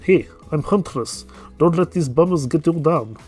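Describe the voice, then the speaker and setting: A man's voice: a little high, moderate pace, darkish tone, faint music behind, lightly acted. Man doing a cheerful flirty huntress. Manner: upbeat, flirty.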